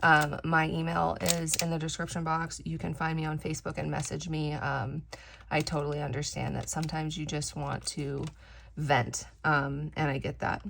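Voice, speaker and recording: Low, gravelly-voiced woman chatting candidly. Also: level tone, normal speed, background noise. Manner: rambling, candid, many fillers and restarts. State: slightly crackly, dry voice. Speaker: craft vlogger. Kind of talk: casual chat while crafting.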